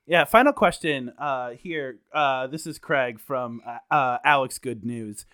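Bright-voiced young male podcast host. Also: medium pitch, measured pace. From Michigan. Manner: playful, hesitant with fillers. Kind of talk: casual podcast chat.

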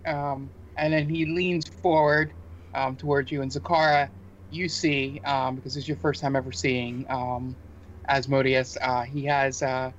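A man's voice: mid-range voice, little pitch movement, a little slow, a little hiss or hum. A man narrating a tabletop game as game master, hesitant with many fillers. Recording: dull muffled sound with faint music.

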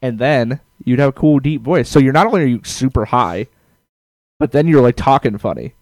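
A man's voice: mid-range voice, animated, normal speed, darkish tone, no room sound. A man chatting casually as a podcast co-host, blunt and swearing freely. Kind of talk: casual chat.

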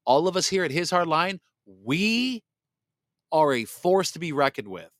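Guy hosting his podcast, fired up and preachy, kinda high voice, lively. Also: measured pace, dry recording, studio quality. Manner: fiery, preachy, lively ranting. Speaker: podcast host. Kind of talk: animated talk show monologue.

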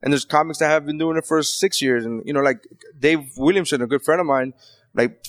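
Fast-talking, profane podcast host. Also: male voice, fairly high pitch, no room sound, clean studio sound. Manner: profane storytelling with many restarts. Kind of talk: casual podcast chat.

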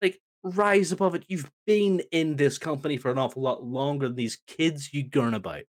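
A man's voice: on the high side, moderate pace. A man co-hosting a wrestling podcast, ranting in an exasperated, mocking way. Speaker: podcast co-host. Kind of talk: heated opinion rant.

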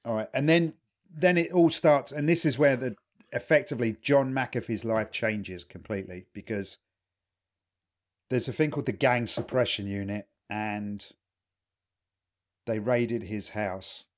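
A man's voice: mid-range voice, a little slow. A man co-hosting a podcast, telling rambling anecdotes in casual chat, laughing and restarting as he goes. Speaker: podcast co-host.

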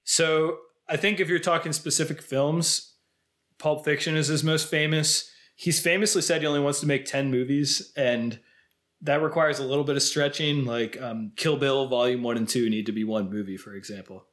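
A man's voice: fairly high pitch, steady tone, moderate pace, a bit bright. A man co-hosting a podcast, chatting casually about films and laughing easily. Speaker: podcast co-host. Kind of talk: casual film chat.

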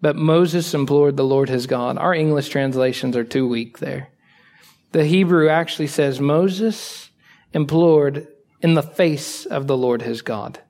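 A male pastor preaching a sermon in a conversational style, asking the congregation rhetorical questions and swinging between quiet asides and emphatic raised lines. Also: a little high, a little slow.

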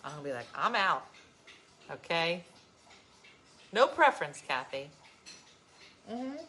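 A woman vlogger chatting casually to her viewers and reading their comments, telling stories with emphatic, animated delivery. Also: deep voice, takes it slowly, a little hiss or hum.

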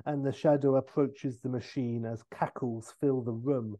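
A man hosting a podcast, telling a comic film pitch in a rambling way with fillers and self-corrections. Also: fairly even intonation, a little slow, few pauses, mellow.

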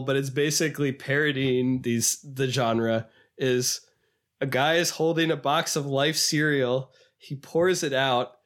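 A man co-hosting a podcast in casual chat, animated and sometimes quoting clips in a higher put-on voice. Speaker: podcast co-host.

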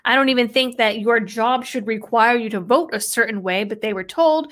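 A woman talks through an article on her own, reading out quotes and then answering them with skeptical, sarcastic asides. Her voice sits a little on the high side for a woman, and she keeps up a steady commentary. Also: moderate pace, few pauses. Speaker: political commentator. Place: New England background.

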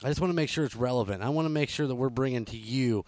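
A male radio host talks loosely at an ordinary pitch, trailing off into "uh"s and little chuckles. His voice is dry and close to the mic in a studio. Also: rapid-fire, a little mellow, no room sound. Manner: rambling, lots of fillers and chuckles. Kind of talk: casual radio chat.

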